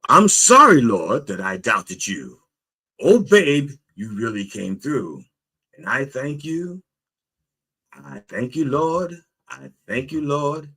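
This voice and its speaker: A frantic castaway begs the heavens for rescue, as a preacher acts him out. The voice climbs well above the preacher's own and stays husky, with wide, lively swings in pitch. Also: male voice, takes it slowly, full character voice. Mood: grateful. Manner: pleading, then singing joyfully. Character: desperate shipwrecked man pleading with God.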